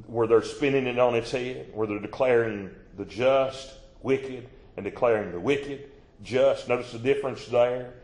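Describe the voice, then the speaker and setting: A man preaching a sermon, moving from hushed, quiet asides to loud, stretched-out proclamations. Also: mid-range voice, roomy sound. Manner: swings between hushed asides and rising, drawn-out proclamation.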